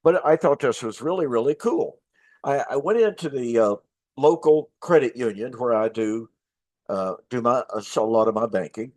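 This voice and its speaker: A man's voice: medium pitch, lively intonation, normal speed, darkish tone, no echo. An older man, a minister hosting his show, telling a casual story to viewers with many fillers and restarts. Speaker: host, minister.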